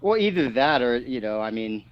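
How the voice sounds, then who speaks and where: A man's voice: mid-range voice, big pitch swings, moderate pace, no room sound, highs cut off. A man co-hosting a show, chatting loosely and laughing with easy swearing banter. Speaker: co-host. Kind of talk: casual chat.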